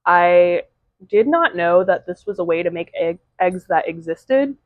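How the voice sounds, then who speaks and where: Recorded dry with phone-quality sound, a lowish-voiced woman speaks at a measured pace in her indoor home vlog. An aspiring novelist, she rambles chattily to the camera, filling gaps with "um" and "like."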